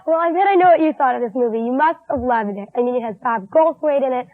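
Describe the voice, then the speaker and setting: High-voiced giggly female movie reviewer. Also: quick pace, no room sound. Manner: chatty and giggly, says "like" a lot. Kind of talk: casual movie review chat. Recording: tinny lo-fi 1980s TV broadcast.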